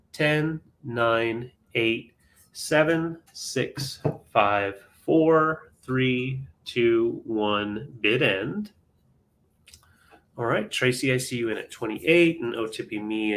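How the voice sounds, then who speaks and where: Man calling bids on a live sale. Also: medium pitch. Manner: relaxed, calls bids and counts down. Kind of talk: live auction selling chat.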